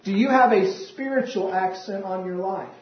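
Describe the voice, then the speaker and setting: A man preaches in a high, light voice, pressing his points with repeated questions. The sound is roomy and a little muffled, like a lo-fi recording made in a church sanctuary. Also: moderate pace, slight background noise. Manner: preaching with rising emphasis and repeated rhetorical questions. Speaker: pastor. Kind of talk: sermon.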